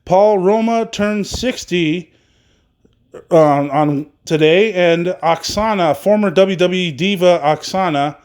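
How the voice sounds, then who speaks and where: A man's voice: sits high, slow, darkish tone, clean tone. A man hosting a solo wrestling podcast, reading news in a casual, rambling way with many fillers and some swearing.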